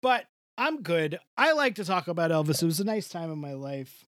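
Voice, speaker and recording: A man's voice: fairly high pitch, animated, moderate pace, a bit bright, no room sound, studio quality. A man improvising as a bawdy seventy-five-year-old woman in a comedy podcast bit, rambling and crude. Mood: bawdy gossip. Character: bawdy elderly woman playing a famous ex-wife, gossipy, crude.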